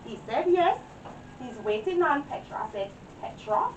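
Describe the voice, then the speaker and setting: A woman plays an old Jamaican woman who tells stories in a high, lively, sing-song voice full of indignation. She is recorded from some distance in a roomy space. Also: moderate pace, muffled recording, slight background noise. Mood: storytelling. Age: older. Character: fussy indignant old woman, easily shocked. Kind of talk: amateur drama acting.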